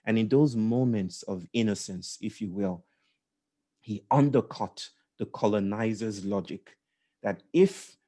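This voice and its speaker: A man's voice: fairly low pitch, measured pace, warm tone. A man leading a session, telling a reflective story with repeated words, laughs and asides. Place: indoors.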